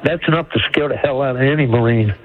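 A man's voice: mid-range voice, fast. A man in his seventies from Maine, a retired Marine calling in to a radio show and talking in a rambling, folksy way. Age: 70s. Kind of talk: phone-in call. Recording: tinny phone line.

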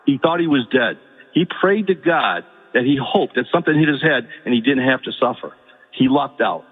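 A male caller telling an emotional story on a talk radio show, halting and repeating words, rising to pleading. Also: mid-range voice, expressive, husky. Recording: tinny phone line with long reverb.

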